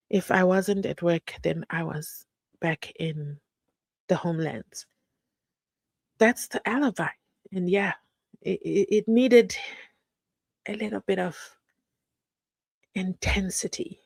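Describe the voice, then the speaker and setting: A woman's voice: medium pitch, takes it slowly, gravelly, long pauses, dry recording. Playful woman streamer, dry sound. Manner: chatty and playful, teasing, laughing at her own jokes. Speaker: livestream host. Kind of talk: live-stream commentary reading chat.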